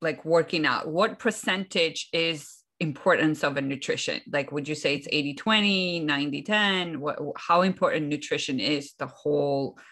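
A woman's voice: low voice, moderate pace, few pauses, fairly bright tone. A woman hosting a podcast, chatting casually and agreeably with her guest. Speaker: podcast host. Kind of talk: conversational podcast interview.

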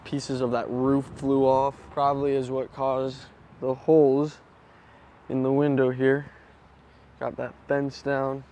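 A man's voice: medium pitch, completely flat delivery, slow, dark tone. A man from Florida filming outdoors after a storm, talking straight to his viewers in an amazed, exclaiming way. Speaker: vlogger. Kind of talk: on-location vlog commentary. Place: outdoors at home and around town after a storm.

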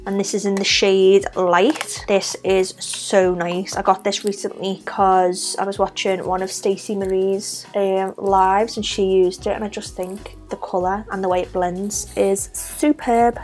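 A young woman with a Scouse accent, chatting her way through a makeup tutorial step by step. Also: mid-range voice. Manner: chatty, talks through each step while applying makeup. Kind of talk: casual makeup tutorial narration.

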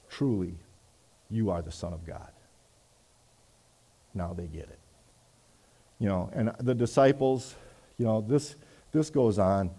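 Man preaching with a mellow voice. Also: on the low side. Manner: conversational, many "you know" asides, swings between loud reading and quiet reflection. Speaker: pastor. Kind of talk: sermon reading and explaining scripture. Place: church.

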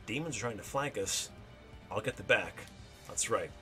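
A man hosting a gaming channel, reacting excitedly while commenting on gameplay. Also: lowish voice, moderate pace, faint music behind.

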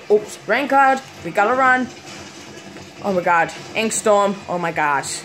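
A woman giving live gameplay commentary, excitable and quick to panic, exclaiming often and laughing at herself. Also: mid-range voice, faint music behind. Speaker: gaming video host.

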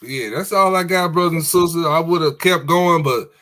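A man with a bright, ringing voice that sits a little high. He talks like a preacher, leaning hard on his words and stretching them out, in a casual online call. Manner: preachy, emphatic, drawn-out stresses. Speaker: podcast co-host. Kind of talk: casual religious discussion.

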